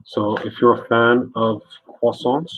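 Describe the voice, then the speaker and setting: A man's voice: medium pitch, steady tone, a little slow, highs cut off. A man live-streaming his art, chatting casually and joking with his chat as he works. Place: home art studio.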